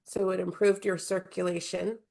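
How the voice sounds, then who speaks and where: A woman's voice: lowish voice, little pitch movement, moderate pace, vocal fry, a little mellow. A woman hosting a podcast who asks probing follow-up questions and affirms her guest. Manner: probing, supportive interviewer. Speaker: podcast host. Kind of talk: casual interview.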